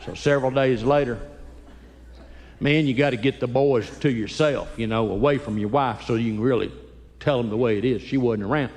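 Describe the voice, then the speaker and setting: A man telling animated, folksy comic stories live in a church auditorium. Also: medium pitch, slight background noise. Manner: animated, folksy, quick bursts. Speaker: Christian comedian. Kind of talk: live comedy storytelling. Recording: live hall with long reverb.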